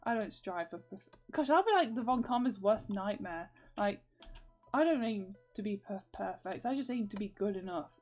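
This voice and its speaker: A woman's voice: mid-range voice, animated, normal speed, a little mellow, dull audio, faint music behind. A young woman vlogging in casual, rambling chat, full of fillers and giggles.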